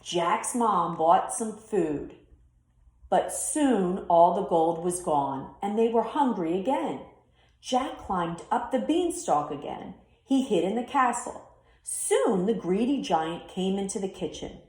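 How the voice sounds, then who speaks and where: A woman teacher reads a children's story aloud in an expressive storytelling voice. She takes her time, and her pitch rises and falls a lot. The sound is roomy and echoing. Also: takes it slowly. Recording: roomy echo.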